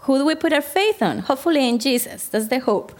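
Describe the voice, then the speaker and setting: A woman's voice: high voice, expressive, brisk. A woman therapist giving a Christian counseling talk to a group, speaking conversationally and often putting questions to her listeners. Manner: conversational, asks the audience questions.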